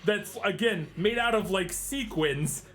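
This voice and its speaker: A man's voice: sits high, expressive, a little slow, fairly bright tone. A man co-hosting a podcast, chatting casually about a bad film, laughing often and sounding exasperated. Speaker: podcast co-host. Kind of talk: casual movie review chat.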